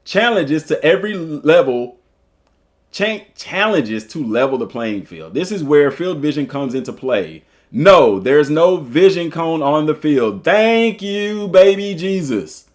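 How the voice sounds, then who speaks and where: With a fairly high pitch and an unhurried pace, a Southern-accented football coach reads an article aloud during a livestream. Between passages he jokes around and chats with his audience in lively, casual commentary.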